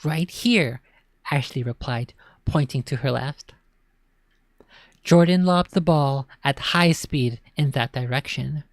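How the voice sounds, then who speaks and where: Brief: woman storyteller, low and even, chatty asides, dry close mic. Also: a little slow, dry recording. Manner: casual asides between read lines. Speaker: storybook reader. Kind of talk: reading a children's horror story aloud.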